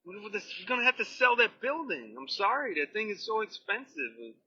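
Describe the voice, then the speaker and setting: A man's voice: high-pitched, big pitch swings, normal speed, sharp tone, slightly rough, highs cut off. A man, a union steward, giving a blunt, fired-up campaign talk in plain slangy speech. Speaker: union steward running for local president.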